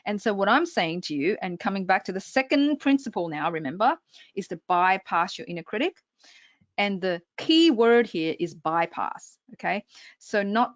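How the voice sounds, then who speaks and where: A woman's voice: mid-range voice, sing-song, normal speed, no echo, lo-fi sound. A woman public speaking coach presenting an online workshop, talking straight to her audience with frequent check-ins.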